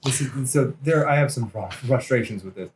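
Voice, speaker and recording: A man co-hosts a podcast, full of jokes and quick gags. His voice sits mid-range. A faint hiss runs under the recording. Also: mid-range voice. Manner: jokey, interrupts with gags and put-on voices. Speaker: podcast co-host. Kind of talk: casual podcast chat.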